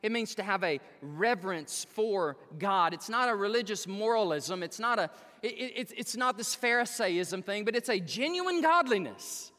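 Preacher guy, pretty high voice, echoey sanctuary, keeps talking to the crowd. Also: moderate pace. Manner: animated preaching with repetitions and asides to the congregation. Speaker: pastor. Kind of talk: sermon. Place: church sanctuary.

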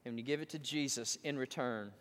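A man preaching a sermon as pastor, telling a story with animated asides and acting out the voices he quotes. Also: medium pitch, fast. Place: church sanctuary. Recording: long church hall reverb.

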